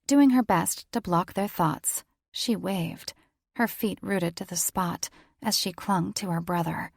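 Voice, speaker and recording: A woman narrating a romance audiobook in a measured storytelling manner. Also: on the low side, gravelly, dry recording, clean studio sound. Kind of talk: scripted narration.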